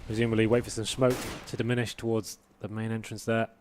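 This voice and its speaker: A man commentating an esports match live, his voice sitting a little low and rising into excited calls during the action. There is a faint hiss of noise behind him. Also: fast. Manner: builds to excited shouts during fights.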